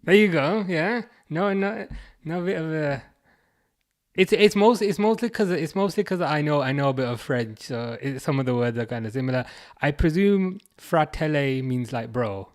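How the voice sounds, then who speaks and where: Casual live-chat commentary comes from a Birmingham man hosting a football watchalong, his voice fairly high, animated, and at normal speed. He reads viewer comments aloud, laid-back, restarting often and chuckling.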